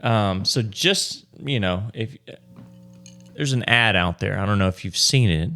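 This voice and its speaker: A man's voice: fairly low pitch, measured pace, pushed and bright. A man co-hosting a podcast, telling stories with dry, wry humor in casual chat. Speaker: podcast co-host.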